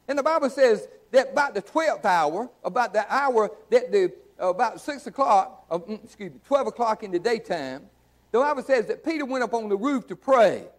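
A middle-aged pastor preaches a sermon in a church sanctuary, his voice high-pitched and a little mellow. His delivery is folksy and emphatic, and he repeats phrases for effect.

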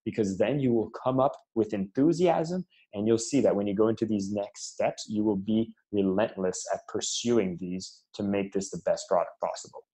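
A man's voice: on the low side, moderate pace, few pauses, mellow. A man being interviewed on a podcast, telling sales stories with enthusiasm and animation. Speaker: sales and marketing leader, guest.

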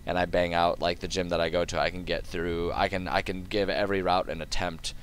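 A young man chats his way through a game stream in a low voice, rambling and joking. A faint hiss of noise sits behind him. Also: little pitch movement, fairly quick. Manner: rambling, joking, laughs often. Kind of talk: casual gaming commentary.

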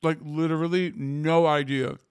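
A man running a live reaction stream in a loose, profane and incredulous way, laughing between remarks. His voice sits a little high for a man. The sound is close and dry, with no room around it. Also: level tone, moderate pace, clean tone, dry recording. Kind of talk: casual live-stream commentary.

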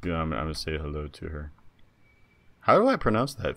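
Deep-voiced man chatting over gameplay. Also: brisk. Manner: chatty, excitable, talks to chat viewers. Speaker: gaming streamer. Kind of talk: casual live gameplay commentary.

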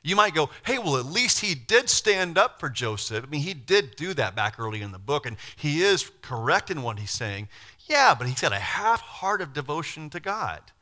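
A man preaches to his congregation in a bright, forward voice. He moves between plain teaching and quick acted-out voices of Bible figures, and asks his listeners questions as he goes. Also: on the high side, very animated. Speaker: pastor. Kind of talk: sermon. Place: church.

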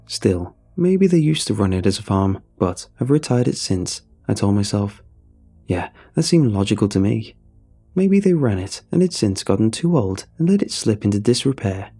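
A man narrating a horror story in a dramatic, lively storytelling manner. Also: mid-range voice, husky.

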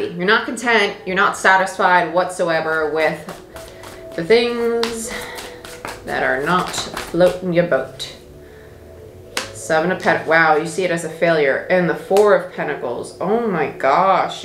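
Woman, lowish voice, tarot reader, chatty and emphatic, echoey room. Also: slow pace, fairly bright tone, faint music behind. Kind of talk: casual tarot reading.

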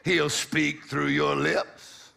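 A man's voice: fairly high pitch, level tone, extremely slow, gravelly, pushed and bright. A middle-aged man preaching a sermon, exhorting the congregation with call-and-response and a repeated "come on".

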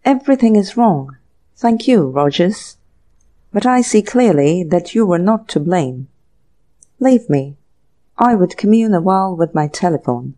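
A theatrical young gentleman, dryly sorry for himself after a robbery, as a woman reader voices him. The delivery is mellow, dark-toned and slow. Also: lowish voice, expressive. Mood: dismayed. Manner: theatrical, dryly self-pitying. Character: flustered young gentleman who has been robbed.

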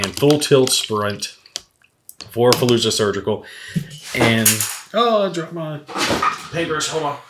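Low-voiced man rambling while painting. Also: fairly bright tone. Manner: swears freely, rambling storyteller. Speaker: miniature painting vlogger. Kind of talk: casual rambling hobby chat.

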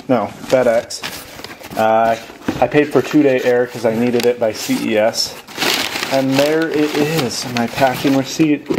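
A young man hosting a casual unboxing vlog, chatty and excited, rambling and correcting himself as he goes. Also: medium pitch, noisy background. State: out of breath. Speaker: tech YouTuber.

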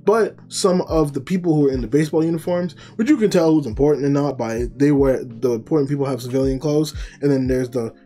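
A man's voice: mid-range voice, quick pace, hardly any pauses, mellow. A man reviewing anime, recapping an episode in a casual, rambling way, full of fillers and self-corrections.

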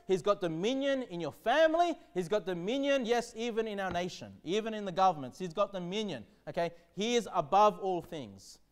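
A man preaching a sermon as pastor, reading scripture slowly and emphatically and checking in with the congregation with frequent "okay?". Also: high voice. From Australia.

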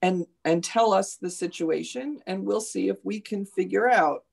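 A woman's voice: mid-range voice, normal speed, gravelly, darkish tone. A woman teacher in a live online discussion, earnestly recounting classroom stories.

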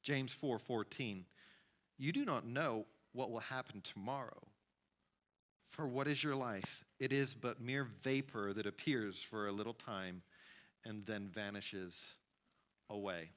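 Male pastor, sermon, slow and deliberate, emphatic swings between loud and hushed, church. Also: on the low side. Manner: slow, emphatic preaching with sudden rises and hushed drops. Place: church sanctuary.

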